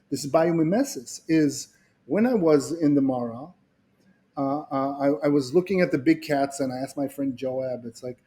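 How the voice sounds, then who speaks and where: Man, middle-aged, animated storyteller, fairly high voice, warm mellow tone. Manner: animated storyteller, acts out quoted voices, repeats words when restarting. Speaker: guest speaker. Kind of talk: conversational explanation.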